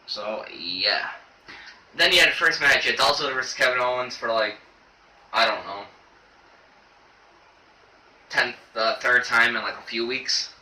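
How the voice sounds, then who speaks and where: A man's voice: mid-range voice, sharp tone. Rambling young man reviewing wrestling. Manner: rambling, halting, many fillers. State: choked up. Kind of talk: casual video review. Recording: echoey room, distant camera mic, faint noise.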